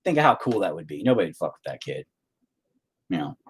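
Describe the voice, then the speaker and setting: A man's voice: sits low, sing-song, quick pace, slightly rough. A middle-aged man chatting casually on his vlog, rambling, swearing and sarcastic. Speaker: vlogger, band vocalist.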